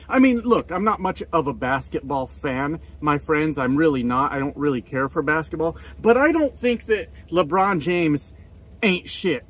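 Husky, profane trucker vlogger, a man. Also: fairly high pitch. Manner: profane, joking and self-mocking. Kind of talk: casual vlog rant.

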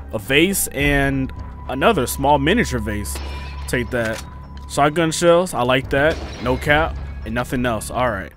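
A young man doing casual let's play commentary, joking to himself and yelping and shouting when enemies attack. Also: medium pitch. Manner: jokey, excitable, yelps and shouts when attacked. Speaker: gaming YouTuber.

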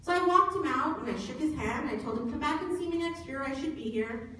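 A woman presents at a conference, talking in a relaxed way and joking at her own expense. Her voice sits a little high. It is picked up from a distance in a large, very echoey hall, with faint noise underneath. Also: fairly quick. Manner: conversational, self-deprecating humor.

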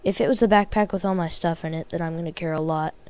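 A young woman commenting on her own gameplay as a channel host, frustrated and muttering, breaking into loud outbursts. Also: fairly low pitch, fairly even intonation, fast, smooth.

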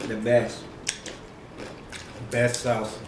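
A man's voice: medium pitch, completely flat delivery, drawn-out words. An easygoing man explains dishes and teases his partner while they eat. His voice sits in the middle range in a roomy space. A faint background hiss is audible. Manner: easygoing, teasing. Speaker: co-host. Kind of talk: casual eating chat.

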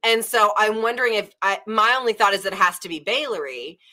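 A woman's voice: medium pitch, expressive, a little fast, pushed and bright. A young woman from Nashville with a Southern American accent, hosting a casual book club chat and retelling a story in a rambling way with lots of fillers. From Nashville, Tennessee, USA.

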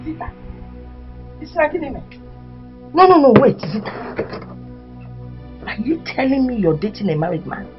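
An actress with a Nigerian accent playing a middle-aged mother who scolds her daughter loudly. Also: very animated, a little slow, long pauses, highs cut off, music in the background. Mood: shocked. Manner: shrill, scolding, rising to shouts.

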